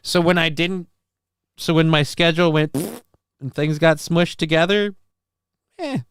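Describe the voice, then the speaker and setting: A livestream host with a fairly high, fairly bright voice reads chat messages at a measured pace, and the recording is clean and dry. He answers viewers in a defensive, rambling way, swears casually, and his voice cracks now and then.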